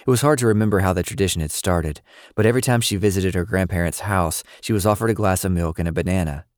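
A man with a very low, deep voice reads a scripted audio story in a steady, even way. The recording is dry and close-miked, with no room echo. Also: fast talker. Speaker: narrator.

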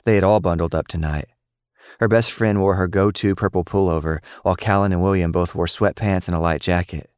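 Deep, smooth male storyteller. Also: brisk, no room sound, clean studio sound. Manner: steady, even storytelling. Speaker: audiobook narrator. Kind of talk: scripted narration.

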